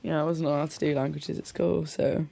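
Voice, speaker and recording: A young adult co-host on a relaxed podcast, mostly giving short agreeing replies and laughing often. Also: mid-range voice, fairly quick, gravelly, no echo. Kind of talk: relaxed casual chat.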